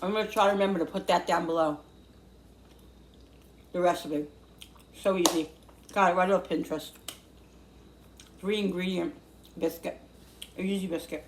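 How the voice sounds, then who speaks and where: A woman hosting a casual cooking vlog from her home kitchen, gushing and excitable about the food as she eats and talks. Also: on the low side, normal speed, long pauses, reverberant, a little hiss or hum. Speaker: cooking vlogger.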